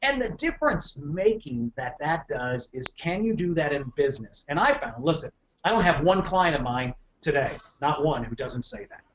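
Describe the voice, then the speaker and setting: A middle-aged man giving a motivational business talk to an audience, animated, often repeating words and checking in with the room. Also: fairly high pitch, normal speed, a little hiss or hum. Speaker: keynote speaker.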